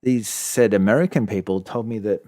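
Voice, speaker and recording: A man's voice: lowish voice, normal speed, dark tone, no echo, clean studio sound. A man with an Australian accent, co-hosting a casual podcast and telling rambling stories with a laugh. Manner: rambling, chatty storytelling, laughs often. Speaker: podcast co-host. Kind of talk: casual chat.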